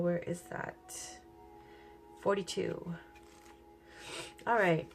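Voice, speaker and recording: A woman with a cold and a hoarse voice, giving a chatty, upbeat tarot reading. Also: fairly low pitch, slow pace, long pauses. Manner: chatty, upbeat, thinks aloud. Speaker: tarot reader.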